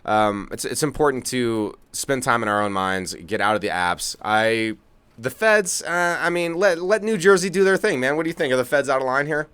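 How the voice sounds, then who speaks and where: A man's voice: mid-range voice, lively intonation, normal speed, fairly bright tone, smooth, no room sound. A man co-hosting a casual podcast, talking in a laid-back, rambling way with easy chuckles, recording from his own setup apart from his co-host. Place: home studio, remote from co-host.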